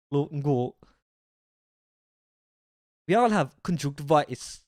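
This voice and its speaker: A woman's voice: low voice, lively intonation, takes it slowly, darkish tone, dry recording, clean studio sound. A woman streamer chatting casually and playfully repeating words in mock accents. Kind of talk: casual livestream chat, imitating accents.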